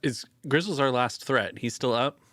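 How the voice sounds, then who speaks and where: A man playing a tabletop game, thinking aloud about his character's moves in a relaxed way. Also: mid-range voice, moderate pace, no echo. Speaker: player. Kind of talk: casual tabletop play.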